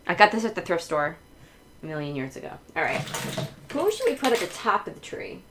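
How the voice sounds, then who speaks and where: Chatty stream host, woman, lower voice, laughs a lot, loose and unscripted. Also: sing-song, moderate pace, noisy background. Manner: chatty, laughs often, many fillers. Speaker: livestream host. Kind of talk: casual chat while decorating.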